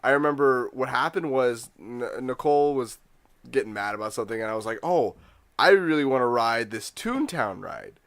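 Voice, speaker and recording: A man's voice: medium pitch, lively intonation, moderate pace, fairly bright tone, no room sound. Young man telling rambling stories. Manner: rambling anecdotes, frequent laughter. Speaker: podcast co-host. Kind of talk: casual chat.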